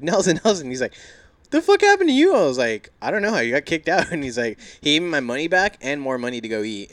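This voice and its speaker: A young man co-hosting a casual podcast with friends, talking fast and swearing a lot. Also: mid-range voice. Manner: fast, animated, heavy swearing. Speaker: podcast co-host. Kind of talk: casual profane chat among friends.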